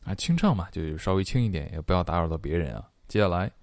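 An English pronunciation and singing teacher leads an online lesson in a low, dark voice with lively intonation. He explains quickly, then slowly repeats each phrase for learners. The recording is dry and close, with no echo.

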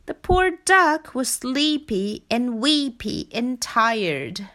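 A woman reads a picture book aloud to children in a bright, high voice. She takes her time, letting her pitch swoop up and down with lots of expression on every line. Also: slow, few pauses. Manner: expressive, sing-song storytelling. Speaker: storybook reader.

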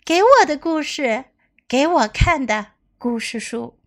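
An eager little farm girl from a storybook, as a woman puts her on, pitched high and bright with excitement and pleading. Her voice leaps up and down. The reading is bouncy and lively. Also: measured pace. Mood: excited.

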